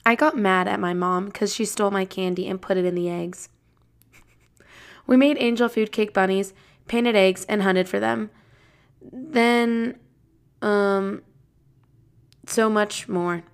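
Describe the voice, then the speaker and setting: A woman's voice: mid-range voice, darkish tone. A young woman hosting a casual podcast, reading her old diary aloud with playful, giggly asides.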